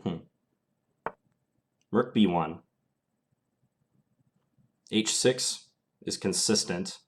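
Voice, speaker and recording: A young chess streamer narrates his own games live, thinking aloud in an easy, analytical manner and speaking extremely slowly. His voice sits a little low and sounds like it's recorded at a desk microphone.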